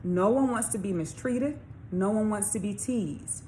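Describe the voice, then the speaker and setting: A woman reading aloud, voicing a caring mother who is patient and gently firm with her young son. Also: medium pitch, a little slow, a little hiss or hum, close to an everyday voice.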